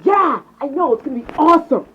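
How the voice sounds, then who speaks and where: An eager teen boy, as a young man puts him on, bright and upbeat with a lively pitch. It is recorded on a thin, phone-like mic with faint hiss. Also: brisk.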